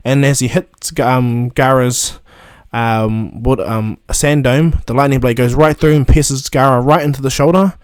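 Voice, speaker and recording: A man's voice: mid-range voice, fairly even intonation, measured pace, hardly any pauses, smooth, no room sound, studio quality. A man retelling a fan story casually, rambling with many fillers and restarts.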